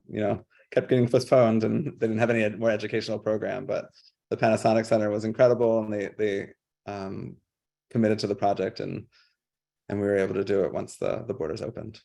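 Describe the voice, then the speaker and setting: A man presenting his public art work on a video call, casual and halting, with many fillers and restarts. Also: lowish voice, vocal fry, darkish tone. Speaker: guest artist.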